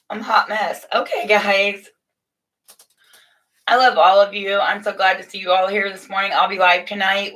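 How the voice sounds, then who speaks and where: A middle-aged woman hosting a casual morning livestream, chatting warmly and motherly with viewers from a room at home, with frequent restarts. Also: mid-range voice. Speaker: livestream host. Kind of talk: casual live chat to viewers.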